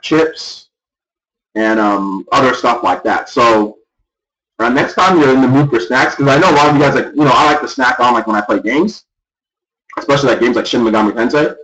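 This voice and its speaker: A young man ranting loudly and in exasperation on a live gaming stream. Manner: loud, exasperated ranting with big pitch swings. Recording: echoey room, far from the mic.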